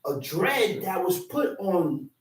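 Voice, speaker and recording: Animated preacher man, high voice, echoey. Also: takes it slowly, distant mic. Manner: animated, acts out quarrels with shouting; repeats phrases for emphasis. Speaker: teacher. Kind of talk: street-corner Bible teaching.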